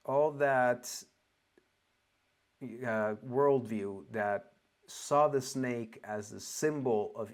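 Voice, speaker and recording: Slow, halting man with Oregonian accent. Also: lowish voice. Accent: Oregonian English. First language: not English. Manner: halting, searching for words, frequent restarts. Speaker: spiritual teacher. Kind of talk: loose spoken lesson.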